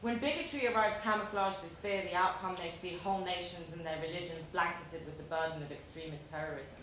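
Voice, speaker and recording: A woman in her thirties with a London accent reads her personal essay aloud in a measured, deliberate, dryly wry way. Her voice sits a little low. It echoes strongly around a large room, with a faint noise underneath. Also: a bit bright. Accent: London English. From London, England. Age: 30s. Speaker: author reading her essay. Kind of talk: live reading of a personal essay. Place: large echoey museum event space.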